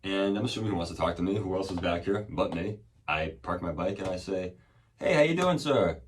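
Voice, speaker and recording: A man with a low, deep voice tells a loose, rambling story in a casual podcast chat. He swears freely and keeps restarting with ums and uhs. His voice sits back from the mic, over a faint background noise. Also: fairly even intonation, fast, recorded from a distance. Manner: rambling, profane, many fillers and restarts. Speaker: podcast host.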